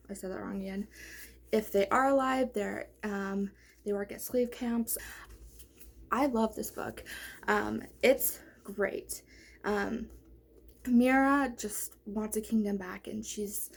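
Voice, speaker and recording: A young woman on her book channel takes it slowly, her mid-range voice creaky and her breath short. She chats casually about books she loves, meandering with plenty of fillers and restarts.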